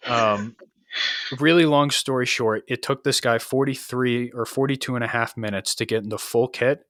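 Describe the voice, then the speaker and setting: A man's voice: medium pitch, steady tone, moderate pace, fairly bright tone, dry recording, clean studio sound. A man, an Army NCO co-hosting a podcast, tells a story in a loose, profane, casual way, full of fillers and acted-out quotes.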